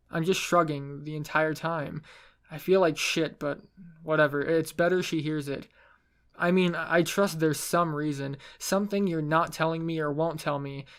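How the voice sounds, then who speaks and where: A man narrating a first-person story in a wry, self-mocking way. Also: a little high.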